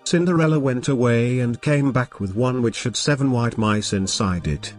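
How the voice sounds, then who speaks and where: A man narrating a fairy tale as a scripted bedtime story, reading calmly and gently at a steady pace. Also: medium pitch, moderate pace, soft background music.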